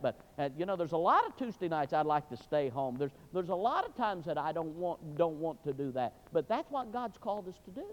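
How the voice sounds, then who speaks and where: A man preaching a sermon, telling a folksy story in an animated way with sudden loud bursts. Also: high voice. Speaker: pastor. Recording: dull recording with long hall reverb.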